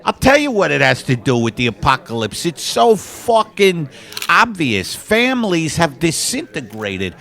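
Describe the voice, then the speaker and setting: Man as a burnt-out, cursing photographer, gravelly and slow. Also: a little high, huge pitch swings, fairly bright tone, full character voice. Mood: fed up. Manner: exasperated, cursing, bossy. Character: fed-up, foul-mouthed male portrait photographer. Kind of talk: improvised comedy sketch.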